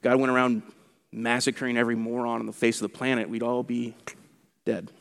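A man preaching a sermon as pastor, animated and conversational, acting out what mockers say. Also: mid-range voice, a little fast, gravelly, smooth, big-room sound. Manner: animated, acts out mockers' quotes.

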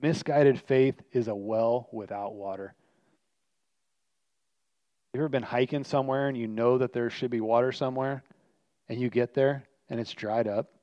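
A man preaches a sermon as pastor, earnest and emphatic, repeating his key lines for weight. His voice is medium-pitched and mellow. The recording is dry, slightly muffled and without echo.

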